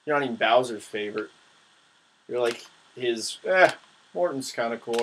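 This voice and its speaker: A young man giving casual, excitable commentary on his own gameplay, trash-talking his opponents. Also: medium pitch, normal speed, pauses often, poor audio.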